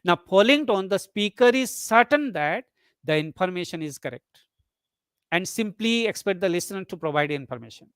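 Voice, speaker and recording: A lecturer giving an online webinar lesson, explaining points in a measured way and slowly repeating example sentences to show rises and falls. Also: medium pitch, lively intonation, clear, resonant tone, dry recording, studio quality.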